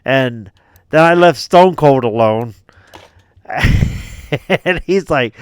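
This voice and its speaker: A man's voice: mid-range voice, smooth, no room sound. A man hosting a gaming video, casually telling a laid-back story with frequent laughs and free swearing. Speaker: gaming channel host.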